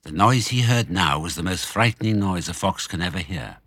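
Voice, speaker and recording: An older man narrating a children's story with dramatic, expressive reading. His voice is low yet bright, rising and falling widely. It sounds dry and close. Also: moderate pace, breathy edge, no room sound.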